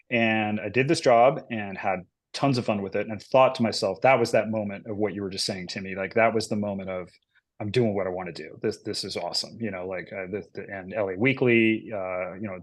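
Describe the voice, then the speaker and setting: Rambling low-voiced illustrator. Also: male voice. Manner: rambling, filler-heavy storytelling. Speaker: illustrator, podcast guest. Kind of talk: casual interview chat.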